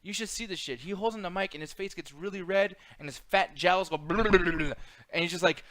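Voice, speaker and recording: A man's voice: high-pitched, normal speed, fairly bright tone, no echo. A man co-hosting a casual wrestling chat, ranting profanely and dropping into mocking impressions. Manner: profane, rant-driven, drops into mocking impressions. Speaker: co-host.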